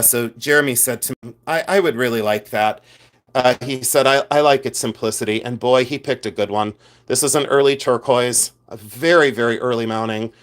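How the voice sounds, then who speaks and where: A middle-aged man hosting a casual jewelry livestream, chatty and excitable, often breaking into exclamations. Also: fairly low pitch. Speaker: livestream host selling jewelry.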